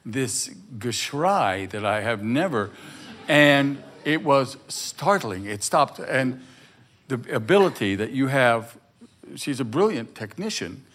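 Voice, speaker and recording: An older man on stage talking warmly and haltingly about a fellow actor's work, full of restarts. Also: mid-range voice, expressive. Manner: effusive, halting, many restarts. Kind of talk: conversational chat. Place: stage before a live audience.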